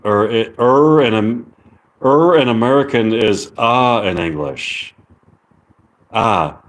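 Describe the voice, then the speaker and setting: A man on a casual live stream, reading viewer comments aloud in a halting way. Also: medium pitch, lively intonation.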